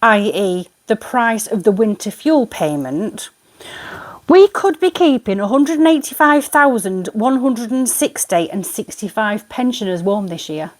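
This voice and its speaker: A woman tarot reader ranting to camera in a vlog. She sounds indignant and exasperated, rambling as she goes. Her voice sits at an ordinary middle pitch. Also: lively intonation, a little slow.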